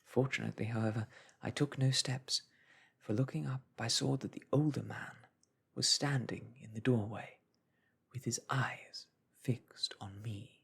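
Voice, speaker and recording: Slow, husky whispering male storyteller. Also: medium pitch, steady tone. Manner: slow, hushed, soothing reading.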